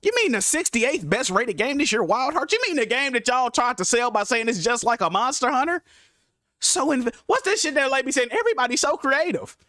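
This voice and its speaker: A young man streaming live about games, ranting in an exasperated, profane way with big swings between loud outbursts and mutters. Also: very high voice, expressive, a little fast, no echo, clean studio sound. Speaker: gaming streamer.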